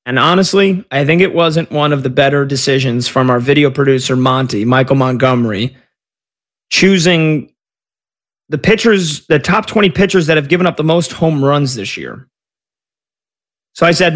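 A man's voice: a little high, moderate pace. A man hosting a sports radio show, chatting energetically and joking with his producers.

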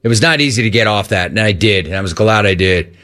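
A middle-aged man hosting a call-in radio show, ranting with animated energy and mocking cheerful greetings in a high voice. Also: fast. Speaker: sports radio host.

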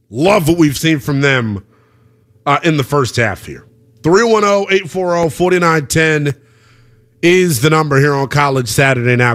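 A man hosting a live sports radio show, hyping scores with swings between loud calls and low asides.

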